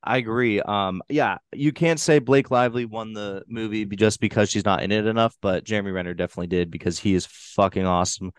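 A man's voice: lowish voice, fairly even intonation, fairly quick, few pauses, smooth, no room sound. A man with a New Hampshire accent, hosting a casual movie review podcast in a loose, rambling way with casual swearing. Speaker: podcast host.

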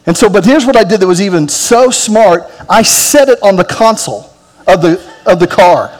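High-voiced pastor preaching in a reverberant church. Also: male voice, expressive, normal speed. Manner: self-deprecating storytelling with humor; drops to a soft, quiet tone for closing prayer. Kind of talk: sermon. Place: church sanctuary.

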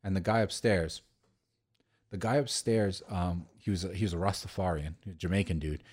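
A man's voice: sits low, steady tone, normal speed, a little mellow, husky. A young man co-hosting a casual podcast, rambling through stories with lots of swearing and fillers. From New York, the Bronx. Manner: rambling storytelling, crude swearing, many fillers. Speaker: podcast co-host. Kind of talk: casual drinking-podcast chat.

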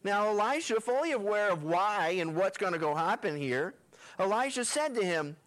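A male pastor retelling scripture in a folksy, conversational way, full of slangy asides. His voice sits high for a man and swings widely in pitch as he tells the story. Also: animated, moderate pace, a bit bright. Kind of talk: sermon retelling a Bible passage.

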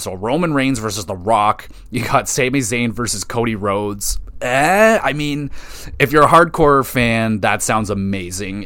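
A man hosting a solo podcast, giving his picks in a casual, profane and excitable way, thinking out loud as he goes. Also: lowish voice, dry recording. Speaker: podcast host. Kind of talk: solo wrestling podcast predictions.

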